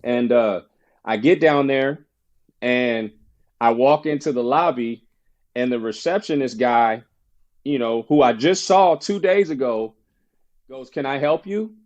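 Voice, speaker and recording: A man's voice: mid-range voice, slow, long pauses, darkish tone, dull audio. Man telling a story, acting out voices. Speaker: podcast guest, former basketball player. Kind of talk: casual storytelling interview.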